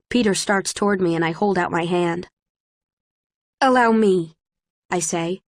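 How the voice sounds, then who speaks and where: A woman reading a novel aloud in first person, in a steady, measured way. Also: on the low side, no room sound, clean studio sound. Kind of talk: first-person audiobook narration.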